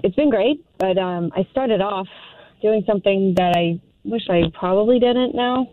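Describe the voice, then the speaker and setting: A woman's voice: medium pitch, moderate pace. A young woman calling in to a radio show, talking hesitantly with many ums and nervous giggles. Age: young adult. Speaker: caller. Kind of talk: casual chat on a call-in show. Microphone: telephone. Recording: tinny phone line, dry.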